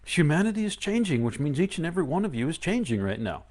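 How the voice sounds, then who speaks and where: A man giving a live-streamed spiritual talk, animated and playful, often acting out excited inner voices. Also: a little high, fast. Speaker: spiritual teacher.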